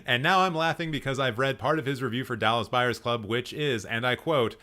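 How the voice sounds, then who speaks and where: A man's voice: mid-range voice, brisk, bright, forceful tone. A man hosting a casual live stream, playfully roasting people and laughing at his own jokes while he rambles and corrects himself. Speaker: host.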